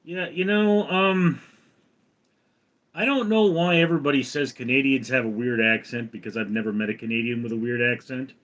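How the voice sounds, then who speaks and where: A man's voice: mid-range voice, moderate pace, fairly bright tone, dull audio. Rambling man chatting on a livestream. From United States. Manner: rambling, reads viewer comments aloud and chats back. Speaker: livestream host. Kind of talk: casual livestream chat.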